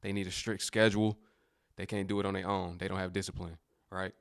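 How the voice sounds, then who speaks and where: A man reacts in a laid-back, reflective way, his voice low and gravelly. He talks quickly, and the sound is dry and close with no room echo. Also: level tone. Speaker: commentator. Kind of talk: casual commentary.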